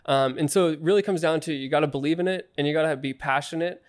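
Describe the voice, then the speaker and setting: A man's voice: fairly high pitch, quick pace. A man, a salesman guest on a podcast, explaining his views in a direct, emphatic way. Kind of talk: casual interview chat.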